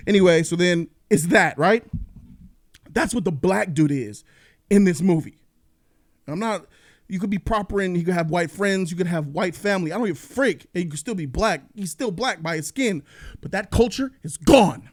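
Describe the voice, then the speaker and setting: A high-pitched man tears through a comedic movie review. He talks in an animated, profane rant and jumps into voices to act out the people in his stories. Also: moderate pace. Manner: animated, profane, acts out quotes. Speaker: host.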